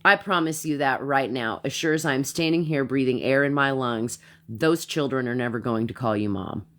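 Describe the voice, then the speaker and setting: A woman's voice: rumbling low, moderate pace. Blunt, profane woman ranting live. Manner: blunt, profane, repeats herself when worked up. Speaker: live-stream commentator. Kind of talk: heated social-media live rant.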